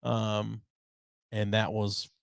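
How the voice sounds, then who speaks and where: A man's voice: lowish voice, monotone, drawn-out words, gravelly, dry recording. Hesitant man musing, dry sound. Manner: thoughtful, hesitant, with many fillers. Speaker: podcast co-host. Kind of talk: casual chat.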